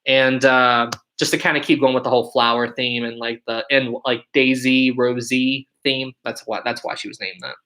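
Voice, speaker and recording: A man's voice: mid-range voice, fairly even intonation, normal speed, hardly any pauses, bright, forceful tone, low-quality recording. A man in his twenties hosting a casual livestream, upbeat and chatty, answering viewer questions and thanking his audience. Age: 20s. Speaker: livestream host.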